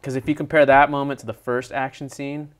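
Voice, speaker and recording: A man's voice: mid-range voice, a little fast, clean tone. Blunt, swearing male movie reviewer. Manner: blunt, swears a lot, animated. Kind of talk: casual chat.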